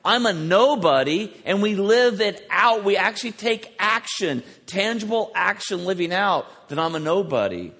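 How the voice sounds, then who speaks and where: A man preaching a sermon in a lively, conversational way, telling personal stories. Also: high voice, normal speed, few pauses, in a large hall. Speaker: pastor.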